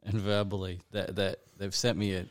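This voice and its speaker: A man's voice: sits low, monotone, moderate pace. A man co-hosting a podcast, who stays laid-back and answers with short reactions. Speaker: podcast co-host. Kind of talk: casual chat.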